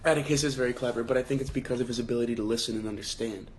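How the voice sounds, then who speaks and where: A man's voice: mid-range voice, fairly even intonation, very fast, slight background noise. Young man hosting a casual book chat. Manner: thinks aloud with many restarts and fillers; reads quoted lines in a raised acted voice. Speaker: book club host. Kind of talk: casual livestream book discussion. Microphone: phone.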